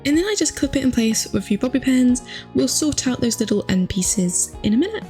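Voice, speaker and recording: A young woman chatting casually through a hair tutorial, upbeat and full of fillers, her voice still rough from just waking up. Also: high-pitched, sing-song, brisk, warm tone, faint music behind. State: morning voice, just woken.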